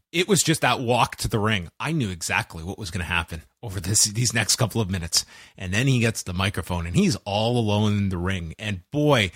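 A man co-hosting a wrestling chat show, his pitch swinging widely as he recaps with a sarcastic edge. The recording is dry and close, with no room sound. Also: fairly bright tone, no echo. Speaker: wrestling podcast co-host. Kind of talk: casual chat.

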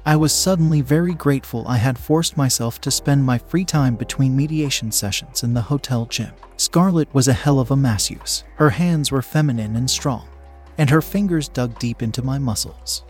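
Male storyteller, steady measured reading, mid-range voice, first-person narration. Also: medium pitch. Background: faint background music.

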